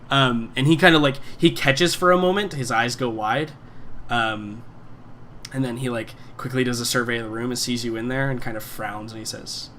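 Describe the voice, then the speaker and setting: A man's voice: mid-range voice, steady tone, moderate pace, bright, forceful tone, a little hiss or hum. A casual man narrating a game. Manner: casual, many fillers like "um" and "like". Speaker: game master.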